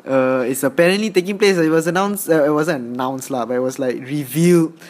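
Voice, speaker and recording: A man's voice: a little high, fairly quick. A young man with a Malaysian English accent, co-hosting a casual chat with dry, teasing remarks. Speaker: podcast co-host.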